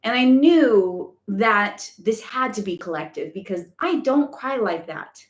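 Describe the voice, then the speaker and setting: A woman's voice: on the high side, animated, a little slow. A woman hosting a casual live spiritual Q&A, chatty and rambling with lots of fillers. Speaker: spiritual guidance host. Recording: echoey room.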